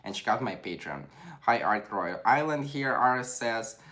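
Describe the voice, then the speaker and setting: A man's voice: medium pitch, animated, a little slow, pushed and bright. A young man with a Ukrainian accent, chatting casually on a livestream and reading viewer comments aloud. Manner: chatty, reads comments aloud, non-native phrasing. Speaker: livestream host.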